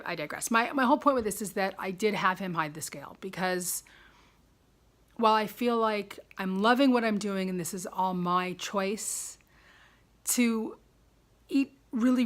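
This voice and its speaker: A woman's voice: mid-range voice, fairly bright tone. A woman in her fifties talking casually in a personal video diary at home, chatty and rambling, often laughing at herself. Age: 50s. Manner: chatty, rambling, self-deprecating. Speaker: vlogger.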